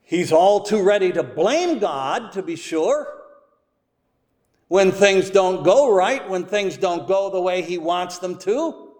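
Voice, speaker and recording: Slow, emphatic man preaching in a hall. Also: high-pitched, animated, darkish tone. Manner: slow and deliberate, with strong emphasis on key words. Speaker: pastor. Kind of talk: sermon. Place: church.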